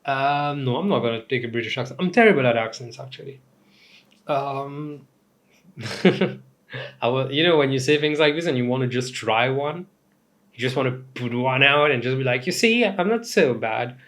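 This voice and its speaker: A young man from Mauritius hosting a casual comedic commentary show, talking in an animated, rambling way with swearing and asides. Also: medium pitch, moderate pace. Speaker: host.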